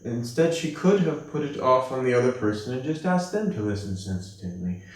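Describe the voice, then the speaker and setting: Gentle man teaching, echoey distant sound. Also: lively intonation, brisk. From United States. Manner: gentle, storytelling, acts out quoted voices with rising pitch. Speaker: class teacher at a monastery. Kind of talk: spiritual class talk with acted anecdotes.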